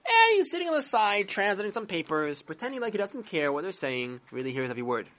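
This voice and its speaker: A woman's voice: medium pitch, very animated, quick pace, a bit bright. A woman telling a story to children, dramatic and full of acted voices. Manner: dramatic, with sound effects and voices. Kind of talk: animated storytelling.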